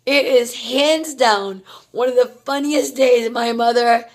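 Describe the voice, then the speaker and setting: A woman's voice: a little high, slow. A middle-aged woman from Brooklyn, telling a personal family story in a chatty, rambling way, full of "like" and "you know.". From Brooklyn, New York.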